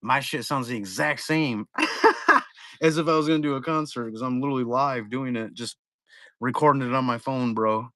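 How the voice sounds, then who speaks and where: Young man, live card-break host, casual rambling chat, profane, bright tone, dry sound. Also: mid-range voice, normal speed, dry recording.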